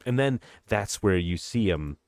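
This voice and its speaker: A man's voice: fairly low pitch, lively intonation, measured pace, gravelly, a little mellow, no room sound. A man co-hosting a podcast, retelling a film in a rambling, casual way with lots of swearing. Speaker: podcast co-host.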